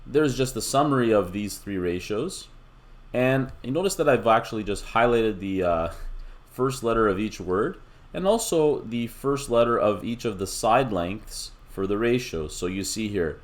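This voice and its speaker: A man's voice: fairly low pitch, animated, moderate pace. A middle-aged man teaching a recorded math lesson, explaining step by step in a patient, casual way with small asides. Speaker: math instructor.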